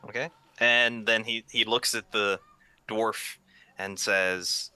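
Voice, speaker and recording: A man's voice: fairly low pitch, steady tone, slow, bright, forceful tone, clean tone, no room sound. A man narrating a tabletop game as game master, hesitant and often repeating words.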